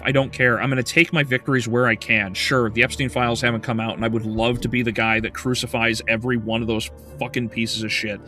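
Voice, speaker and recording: A man's voice: medium pitch, flat delivery, fast, hardly any pauses, bright, forceful tone, soft background music. A male game streamer in casual livestream chat, ranting heatedly with profanity and frequent stumbling restarts.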